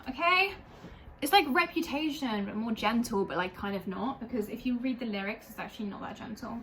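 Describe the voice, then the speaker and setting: A woman's voice: on the high side, a bit bright, slight background noise, rough recording. Gushing, chatty young woman vlogger. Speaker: music vlogger. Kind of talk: casual chat reviewing an album.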